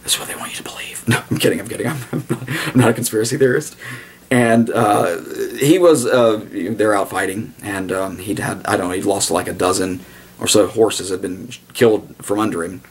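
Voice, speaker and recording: A man's voice: lowish voice, steady tone, moderate pace, husky. A man giving a blunt, digressive video commentary, with sarcastic asides and sudden mock voices for the people he quotes. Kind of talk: casual commentary monologue.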